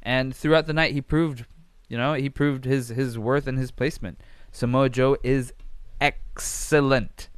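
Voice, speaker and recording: Rambling young guy with a smooth voice. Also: medium pitch, steady tone, moderate pace, no echo. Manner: rambling, frank, swears freely, many fillers. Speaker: podcast host. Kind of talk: casual solo commentary.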